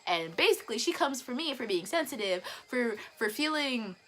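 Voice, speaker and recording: A teenage girl talks straight into her phone camera for a casual storytime vlog. She's animated and chatty and stumbles through restarts and giggles. Her voice is bright and sits a bit high. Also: normal speed. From northern Virginia, US. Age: teens. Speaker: vlogger.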